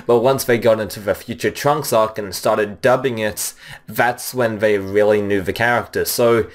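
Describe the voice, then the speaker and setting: A man's voice: fairly low pitch, fairly even intonation, moderate pace. A man giving casual spoken commentary as a video reviewer, rambling and leaning heavily on fillers. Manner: rambling, heavy on "you know" and "um" fillers.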